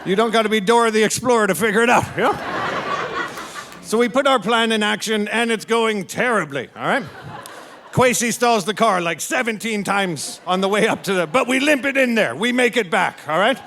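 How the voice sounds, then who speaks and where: A man's voice: high-pitched, normal speed, gravelly, pushed and bright, a little hiss or hum. A man in his forties doing stand-up comedy, telling a rowdy story with constant "all right?" asides. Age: 40s. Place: comedy venue with a live audience.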